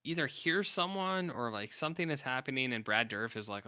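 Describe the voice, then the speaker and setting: A man's voice: medium pitch, fairly quick, hardly any pauses, pushed and bright, clear, resonant tone. A man in casual podcast chat, rambling about a bad horror film and acting out its scenes, with lots of "like" along the way. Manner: rambling, heavy on "like", acts out scenes while recapping a film. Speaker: podcast co-host.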